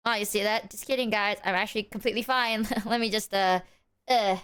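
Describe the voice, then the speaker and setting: A woman's voice: medium pitch, fairly quick, a bit bright, clear, resonant tone. A woman streamer chatting casually with her viewers, playful, laughing often and swearing freely. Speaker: livestreamer.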